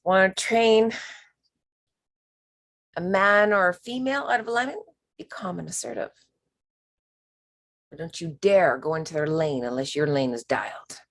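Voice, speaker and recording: A woman leading a spiritual workshop, talking slowly and emphatically and sometimes dropping to a whisper. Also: lowish voice. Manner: slow, emphatic, drops to whispers. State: emotional. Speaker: workshop leader.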